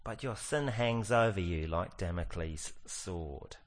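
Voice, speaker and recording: A middle-aged male pastor preaching, his voice sitting fairly low. He talks earnestly and drags out the words he wants to land. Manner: earnest, slows down to stress key lines. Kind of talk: sermon.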